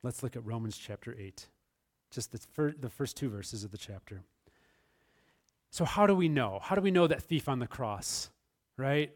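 A man preaching a sermon with a slightly higher-than-average voice. He moves between quiet, hushed passages and loud, emphatic bursts. He addresses his congregation directly as a pastor. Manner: dynamic preaching, swinging between soft and emphatic.

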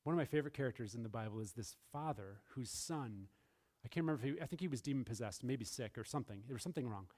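A man's voice: medium pitch, lively intonation, rapid-fire, a little mellow. A man preaching a sermon in a church, laughing often and briefly acting out the voices of the people in his story. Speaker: pastor. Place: church sanctuary.

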